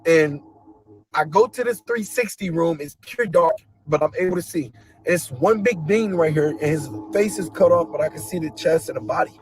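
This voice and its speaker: A man earnestly telling a dramatic personal story, acting out booming noises as he goes. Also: moderate pace, music in the background, low-quality recording. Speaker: guest telling a personal testimony.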